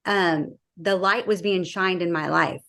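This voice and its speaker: A woman's voice: on the low side, measured pace, vocal fry, fairly bright tone. A woman sharing her personal faith testimony in a casual interview, acting out the dialogue she recalls and using frequent fillers.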